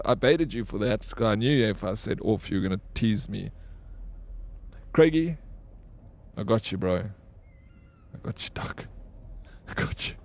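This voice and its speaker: A man's voice: medium pitch, darkish tone. A young man streaming a video game, joking and bantering with his chat, swearing freely. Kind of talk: casual live-stream chat while gaming.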